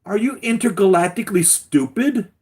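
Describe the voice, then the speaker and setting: A man putting on the voice of a smug male TV villain who taunts loudly and gleefully. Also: sits high, moderate pace, pitched above the performer's own voice, lightly acted. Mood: gloating.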